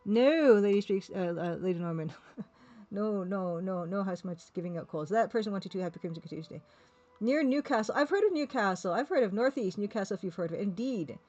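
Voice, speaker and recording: A woman's voice: mid-range voice, animated, fairly quick, a little mellow, dull audio, faint music behind. A woman streaming live, chatting casually and rambling while reading viewers' comments, laughing now and then. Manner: chatty, rambling, laughs often, reads chat aloud.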